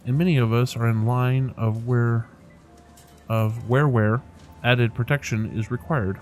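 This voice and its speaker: A courteous, scholarly master tailor with a formal salesman's manner, as a man voices him. A mid-pitched voice with faint game music underneath. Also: steady tone, a little slow, darkish tone, natural voice.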